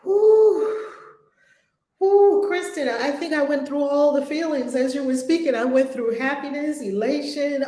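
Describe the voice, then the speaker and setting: A woman's voice: sits high, unhurried, mellow. Lady spiritual teacher on a group call, exuberant and preachy, laughs a lot, kinda echoey. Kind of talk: casual inspirational talk.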